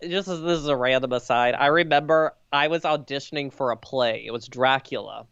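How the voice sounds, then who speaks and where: A woman's voice: a bass voice, a little fast, smooth, dry recording, highs cut off. A woman comedian, a guest on the show, telling self-deprecating stories and laughing as she talks. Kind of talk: casual chat.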